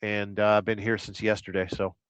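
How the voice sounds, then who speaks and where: A middle-aged truck driver from Southern California goes crudely through viewer comments on a casual live stream, humming nonsense syllables between them. His lowish voice is flat and a little fast, fairly bright, clear and resonant. There's no room sound, just slightly dull lo-fi audio.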